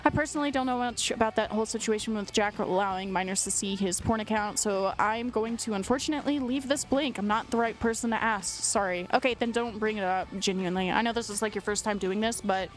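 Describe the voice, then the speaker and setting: A woman's voice: mid-range voice, fast, few pauses. A congested young woman streamer who reads a document aloud in casual commentary, blunt, profane and sarcastic.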